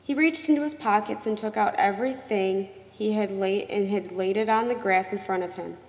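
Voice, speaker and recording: Lady reading an audiobook, mid pitch, measured and expressive, long reverb tail. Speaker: narrator. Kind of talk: audiobook narration.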